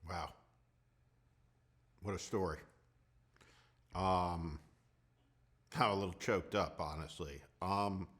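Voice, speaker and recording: A man hosting a podcast interview, reacting softly in short phrases. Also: low-pitched, steady tone, slow pace, long pauses. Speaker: podcast host. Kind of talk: interview conversation.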